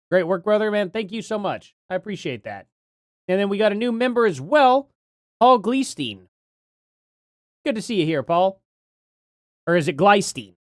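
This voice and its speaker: A man's voice: high voice, dry recording, studio quality. A man hosting a casual live stream, rambling and thinking aloud as he reads names from chat.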